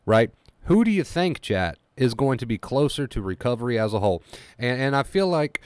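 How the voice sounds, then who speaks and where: A man's voice: medium pitch, dry recording. A man coaching a live-stream chat on anxiety recovery, talking emphatically and repeating rhetorical questions.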